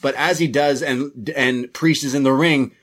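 A man's voice: medium pitch, fairly even intonation, moderate pace, a bit bright. A man co-hosting a podcast, giving a rambling, casual play-by-play recap with frequent restarts. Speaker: podcast co-host reviewing wrestling.

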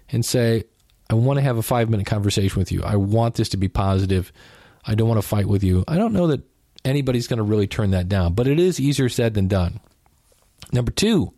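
A man's voice: medium pitch, darkish tone, dry recording, studio quality. A man hosting a podcast, giving casual relationship advice in a conversational way, with joking asides and quoted lines acted out. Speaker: podcast host.

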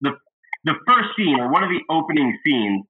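A man's voice: a little high, sing-song, normal speed, slightly rough. A man hosting a casual movie review chat, gushing and laughing as he retells favorite scenes. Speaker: podcast host. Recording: thin phone-like sound.

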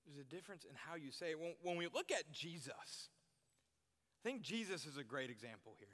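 A man's voice: fairly high pitch, lively intonation, normal speed, fairly bright tone. A young man preaching to a youth group, earnest, repeating his key phrases for emphasis. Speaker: youth pastor. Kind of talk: sermon. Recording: long reverb in a hall.

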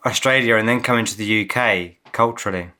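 A man's voice: lowish voice, brisk, pushed and bright. A man interviewing a guest in casual chat, asking direct questions with a teasing edge.

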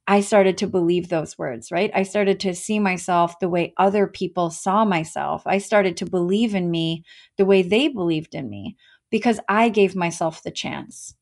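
A woman in her thirties co-hosting a podcast, telling stories with energy in casual chat, with lots of "like"s. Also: medium pitch. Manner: energetic, storytelling, many "like"s. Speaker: podcast co-host.

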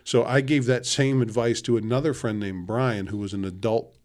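A man's voice: mid-range voice, fairly even intonation, normal speed, darkish tone. A man, co-hosting a casual podcast chat and telling stories that act out quoted dialogue. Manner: storytelling, acts out quoted dialogue. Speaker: podcast co-host.

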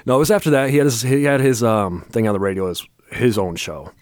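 A man, a podcast guest telling a story in casual chat, animated, acting out the quotes and laughing often. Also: medium pitch, quick pace, no echo.

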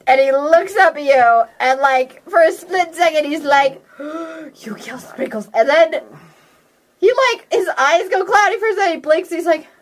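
A woman narrating a tabletop game as game master, giggly and animated. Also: extremely high pitch, moderate pace.

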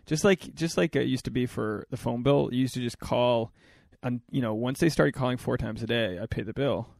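A man's voice: medium pitch, a little fast, gravelly, darkish tone, no echo, clean studio sound. A young man hosting a podcast, joking crudely and rambling in casual banter. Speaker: podcast host.

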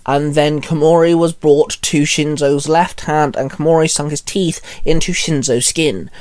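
A man with a slightly high voice reads a story aloud at a steady pace. He now and then stumbles and restarts a word, then carries on. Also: a little slow. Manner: steady reading with small restarts. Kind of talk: reading a fan story aloud.

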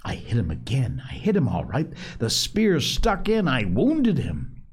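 A man reading an audiobook, voicing an excited, insistent schoolboy in a raised, animated voice. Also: slow, a little hiss or hum, full character voice. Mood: boastful eager. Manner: eager, insistent, high and animated.

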